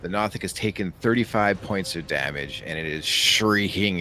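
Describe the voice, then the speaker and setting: A man's voice: deep voice, normal speed, hardly any pauses, sharp tone, soft background music. A man running a tabletop game as game master, narrating combat vividly.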